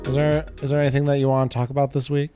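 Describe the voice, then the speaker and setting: A man's voice: mid-range voice, little pitch movement, very fast, warm tone, faint music behind. Laid-back young man telling stories. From Los Angeles area. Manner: rambling storyteller, laughs often, restarts. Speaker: podcast co-host. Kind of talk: casual chat.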